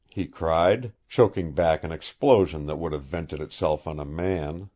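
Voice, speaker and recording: A man narrating an audiobook chapter in a measured, expressive storytelling manner. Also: rumbling low. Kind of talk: scripted narration.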